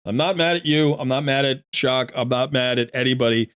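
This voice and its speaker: Speaking fairly quickly in a clear, resonant, medium-pitched voice with a fairly bright tone, this man coaches viewers while streaming a game. His casual commentary is blunt, emphatic, and full of repetition, and he comes across as mildly irritated while sorting gear.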